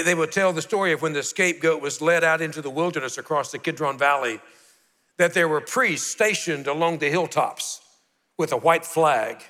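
A man's voice: fairly high pitch, sharp tone, long reverb tail. A man in his sixties, a pastor preaching a sermon with earnest storytelling and repeated key phrases. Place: church sanctuary.

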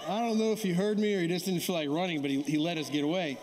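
A high-pitched man preaching in a church hall where his voice rings with a long reverb. He tells his stories casually, keeps asking the congregation "right?", and draws responses from the room. He sounds like a pastor at a Sunday sermon. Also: fairly even intonation, very fast, darkish tone. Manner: calls for audience response. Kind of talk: sermon with storytelling. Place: church sanctuary.

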